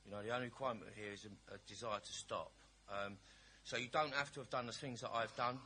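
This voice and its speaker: A man speaks at a recovery meeting in a bright, forceful voice of average pitch. He tells his story bluntly and with cheeky humour, in a chatty storytelling way. A faint hiss sits behind the recording. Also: fast. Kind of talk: personal recovery share.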